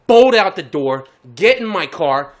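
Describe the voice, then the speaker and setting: A man's voice: sits high, a little slow. A man co-hosting a podcast in casual chat, telling a story in a profane way and often laughing as he talks. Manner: profane, animated, laughing through his own story. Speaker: podcast co-host.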